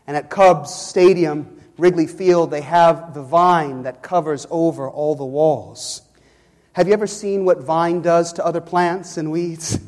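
A man's voice: a little high, steady tone, a little slow, a little mellow. A man from Chicago preaching a sermon as pastor, building emphasis and calling out to the congregation. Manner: preaching with rising emphasis and audience call-outs. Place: church sanctuary. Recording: long reverb in a church hall.

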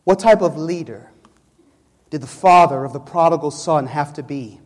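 A man's voice: fairly high pitch, normal speed, darkish tone. A man from Chicago preaching a sermon as pastor, building emphasis and calling out to the congregation. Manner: preaching with rising emphasis and audience call-outs. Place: church sanctuary. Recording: long reverb in a church hall.

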